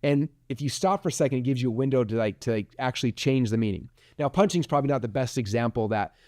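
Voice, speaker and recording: Fast-talking man in casual motivational talk. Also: mid-range voice, a little mellow, no echo, clean studio sound. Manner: rambling, frequent likes and restarts. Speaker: podcast host.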